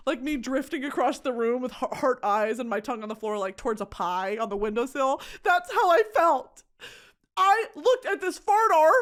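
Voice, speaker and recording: A woman's voice: sits high, a bit bright. A young woman podcast host telling comic stories casually, swearing, laughing often and jumping into voices. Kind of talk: casual comedic storytelling.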